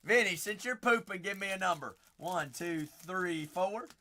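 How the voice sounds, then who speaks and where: A man hosting a live card break, excitable and joking, breaking into sudden shouts, tired after a long stream. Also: sits high, a little slow. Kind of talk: live-stream commentary while opening packs.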